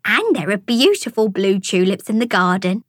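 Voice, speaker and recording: A woman voicing a showy, enthusiastic female toad with a high-pitched voice, in a storybook audiobook. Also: very animated, moderate pace, dry recording, studio quality. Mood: gushing. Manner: gushing, enthusiastic.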